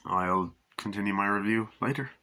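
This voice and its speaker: A man giving a casual, rambling movie review, swearing freely and acting out scenes in high put-on voices, recorded on a camera mic. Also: normal speed, pushed and bright, slight background noise.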